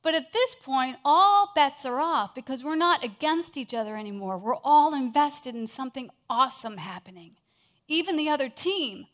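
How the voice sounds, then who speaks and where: A woman with a high voice telling an inspirational story in a sermon. She is animated and swings between hushed moments and loud ones. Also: normal speed. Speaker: speaker.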